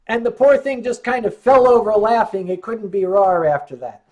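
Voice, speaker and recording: A man's voice: high-pitched, normal speed, a little mellow. A man hosting a casual livestream, reading out chat comments and answering with wry, rambling jokes while tipsy on wine. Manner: wry, joking, rambling storyteller.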